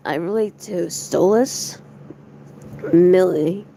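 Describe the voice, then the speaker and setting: Gravelly-voiced young woman chatting slowly. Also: lowish voice, expressive, mellow, a little hiss or hum, poor audio. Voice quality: gravelly fry. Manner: rambling, giggly, swears a lot. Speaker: streamer. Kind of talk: casual chat to viewers.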